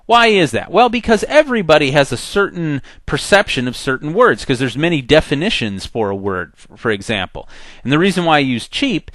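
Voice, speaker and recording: A man teaching a software tutorial in a conversational, step-by-step way. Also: a little high, sing-song, a little fast, dry recording. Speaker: software instructor. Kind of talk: screen-recorded tutorial.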